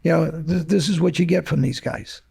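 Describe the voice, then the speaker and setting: A middle-aged man, answering as an interview guest with a gruff, profane edge. His voice is gravelly and husky, pitched a touch high for a man. He talks bluntly and picks a fight. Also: moderate pace, darkish tone. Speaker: interview guest, former mobster.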